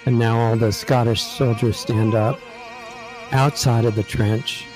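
Guy hosting a talk show, retelling a movie all animated, faint music behind. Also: medium pitch, a little slow, rough recording. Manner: animated, acts out characters' thoughts. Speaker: online talk show host. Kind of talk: casual storytelling, retelling a film scene.

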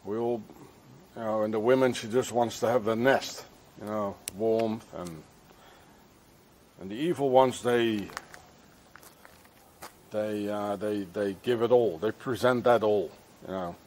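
A man's voice: fairly low pitch, unhurried, pauses often, darkish tone, slight background noise. A man ranting outdoors, scolding and repeating himself, peppering his talk with filler phrases. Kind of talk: angry street rant to camera.

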